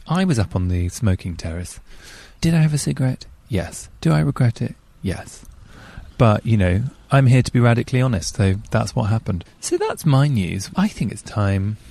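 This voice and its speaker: A man's voice: fairly low pitch, very animated, normal speed, creaky, warm tone, dry recording. A man hosting a podcast in a casual, chatty way with self-deprecating asides, recording with a handheld mic outdoors in a car park. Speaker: podcast host. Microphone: handheld microphone.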